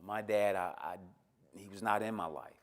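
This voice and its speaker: A middle-aged man giving an emotional personal testimony in a church, telling his story and swinging from hushed, near-whispered lines to emphatic high points. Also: normal speed. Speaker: church speaker.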